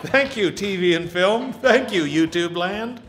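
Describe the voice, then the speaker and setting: A man's voice: high voice, lively intonation, unhurried, a bit bright, a little hiss or hum. A man in his fifties doing a live stand-up Q&A, joking and self-mocking with the crowd. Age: 50s. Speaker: stand-up comedian hosting audience Q&A. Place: live theatre stage.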